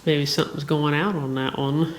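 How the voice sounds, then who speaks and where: A paranormal investigator speaks at normal speed with a mid-range, fairly even voice, urging spirits in an old seminary to respond and describing the devices left out for them during a ghost hunt. Roomy echo and faint hiss color the recording.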